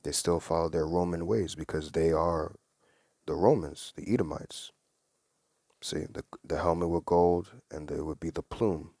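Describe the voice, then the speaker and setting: A man with a low, deep voice talks through scripture in a casual Bible study. He reads verses aloud and then explains them earnestly, in plain conversational speech. The sound is dry and close, with no room echo. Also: fairly even intonation, unhurried, dark tone, breathy edge. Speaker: Bible teacher.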